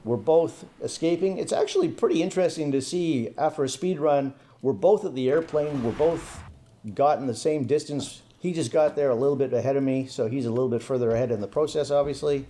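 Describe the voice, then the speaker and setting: A young man giving relaxed, casual commentary over his own gameplay, thinking aloud as he plays. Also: mid-range voice, brisk. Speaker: gaming commentator.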